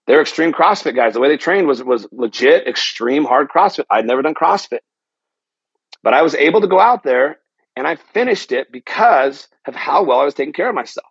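Middle aged guy doing a solo health podcast, husky gravelly voice, dry kinda muffled sound, earnest and motivational. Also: fairly high pitch, animated, a little fast, no echo. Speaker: podcast host.

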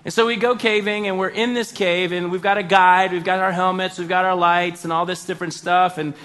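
A man telling a comedic personal story, animated and self-mocking, with exaggerated outbursts. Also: high voice, a little fast.

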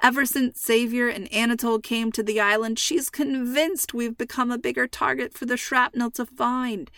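A woman reading aloud, voicing a calm, reassuring middle-aged father with a teasing sense of humor. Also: fairly high pitch, moderate pace, no echo, studio quality, voice pushed up. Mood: playful. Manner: reassuring, playful.

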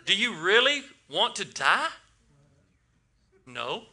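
A man's voice: sits high, very animated, slow, bright, forceful tone. A man preaching a casual sermon to a congregation, asking them questions and often repeating his words.

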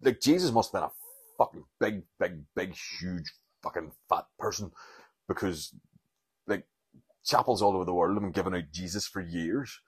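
A man's voice: sits low, lively intonation, normal speed, breathy edge, no echo. A Northern Irish man in his thirties hosting a rambling solo podcast, telling irreverent, sweary stories and acting out quotes. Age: 30s. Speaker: podcast host.

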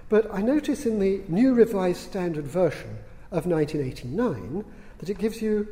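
Man, lecturer, dry wit, mellow warm tone, long hall reverb. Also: high voice, animated, a little hiss or hum. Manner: dry, witty, unhurried, with fillers. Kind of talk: public lecture. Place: large hall.

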